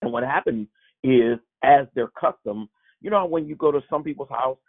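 A man giving an informal Bible teaching to a small group, halting with many fillers and restarts. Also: medium pitch, breathy edge. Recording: tinny phone-like sound.

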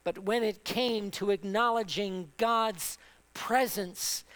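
A man's voice: high-pitched, steady tone, takes it slowly, fairly bright tone, clear, resonant tone. A man preaching a sermon with passion, building through repeated phrases and rhetorical questions.

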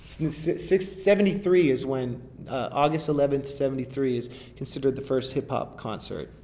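A man's voice: mid-range voice, normal speed, a little mellow. A man, a rapper, talking casually in an interview, rambling and restarting often with enthusiasm.

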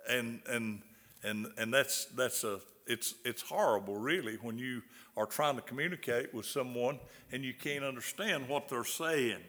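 A man's voice: medium pitch, unhurried, fairly bright tone. An older man with a Southern US accent, preaching a folksy sermon and often asking his listeners questions. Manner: folksy, repeats words, asks the audience questions. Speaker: pastor. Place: large hall. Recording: long hall reverb.

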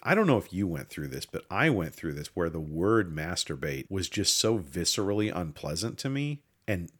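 A low-pitched man talks with a lively, swooping tone. His comments on the movie are wry, and he chuckles between points. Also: normal speed, slightly rough. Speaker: podcast co-host. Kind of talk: casual movie recap chat.

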